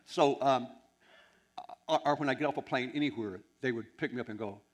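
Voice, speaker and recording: A man in his sixties, a preacher, telling anecdotes in an animated, rambling way with many restarts. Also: mid-range voice, a little fast. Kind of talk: anecdotal sermon storytelling.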